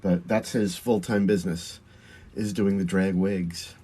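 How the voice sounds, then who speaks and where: A man's voice: deep voice, fairly even intonation, a little slow, warm tone, husky. A man with a Long Island accent, a drag performer chatting through a livestream while doing his makeup, answering viewer comments and laughing often.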